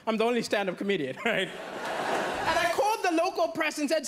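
A man from Malawi, performing a stand-up comedy set on a theatre stage with deadpan punchlines and playful asides. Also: very high-pitched, moderate pace. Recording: stage mic with noisy crowd. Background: audience laughter and cheering.

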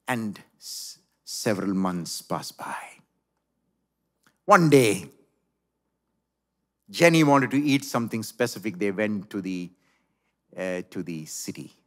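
A man's voice: fairly low pitch, measured pace, pauses often, fairly bright tone. A male pastor preaching a sermon in a church, telling a story dramatically.

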